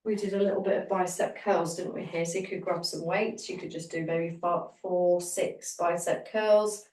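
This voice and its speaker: A woman teaching a guided Pilates session, giving calm, encouraging step-by-step cues for breathing and movement. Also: on the low side, normal speed, distant mic. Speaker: Pilates instructor. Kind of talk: guided exercise class. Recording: roomy echo, voice from off the mic.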